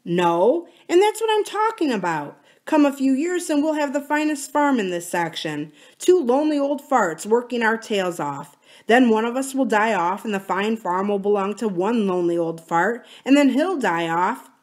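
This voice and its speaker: A woman's voice: a little high, very animated, normal speed, pitched above the performer's own voice. Adam, a restless young farmer, read by a woman.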